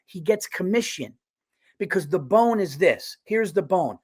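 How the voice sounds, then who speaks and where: A man co-hosting a podcast, telling a story in an animated, exasperated rant with fast bursts. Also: high voice, husky. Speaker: podcast co-host. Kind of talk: ranting storytelling.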